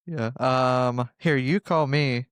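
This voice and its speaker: A man's voice: mid-range voice, slow pace, clear, resonant tone, dry recording. A young man co-hosting a casual podcast, laid-back and often laughing. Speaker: podcast co-host.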